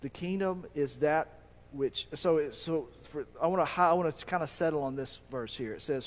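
A man preaching a sermon as pastor, animated, acting out quoted voices with a rising pitch. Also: normal speed. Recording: long reverb of a hall.

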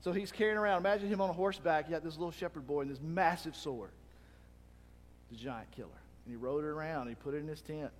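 A man preaching a sermon as pastor, talking animatedly and acting out the shouts of a crowd. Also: on the high side, quick pace, a little hiss or hum. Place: church hall. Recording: long reverb of a hall.

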